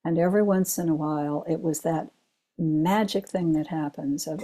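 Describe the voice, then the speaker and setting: An older woman, a retired chaplain, giving a Zen dharma talk full of personal stories, told in an unhurried way with gentle laughs. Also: low-pitched, fairly even intonation.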